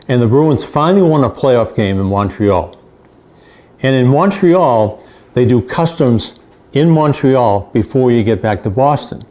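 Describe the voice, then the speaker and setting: An older male sports reporter spins his stories with an anecdotal, repetitive flow. His voice is mellow and dark. His pitch sits in an average range for a man. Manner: anecdotal, repeats phrases for emphasis. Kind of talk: storytelling.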